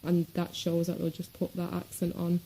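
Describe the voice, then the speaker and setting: A woman's voice: lowish voice, monotone, moderate pace, creaky, dark tone, a little hiss or hum, low-quality recording. A woman from Manchester with a Manchester accent, chatting casually in a rambling vlog with lots of ums. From Manchester, England. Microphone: webcam.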